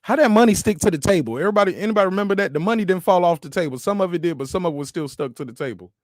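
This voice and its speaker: A man co-hosting a talk show online, asking the others quick questions. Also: high-pitched, animated, no echo, clean studio sound. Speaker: podcast co-host. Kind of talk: casual chat. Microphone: own mic on an online call.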